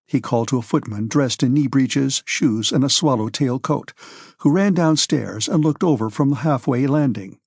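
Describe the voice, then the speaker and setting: A man narrates a classic novel in a measured, steady manner, his voice sitting in an ordinary middle pitch. The recording is close and dry, with no room sound around it. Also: slightly rough, no room sound. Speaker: audiobook narrator. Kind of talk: scripted narration.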